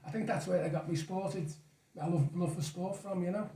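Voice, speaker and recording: A man's voice: high-pitched, brisk, far from the mic, a crowd in the background. A man, a guest reminiscing in rambling, chuckling stories. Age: 60s. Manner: rambling storyteller, chuckles often. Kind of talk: casual reminiscing chat. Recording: echoey room, off mic.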